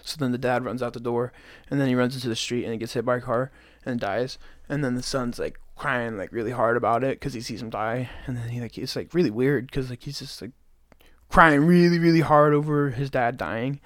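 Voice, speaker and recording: A man's voice: mid-range voice, steady tone, brisk, hardly any pauses, dry recording. Rambling young man, dry sound. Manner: rambling retelling, heavy use of "like". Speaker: podcast co-host. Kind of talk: casual podcast chat.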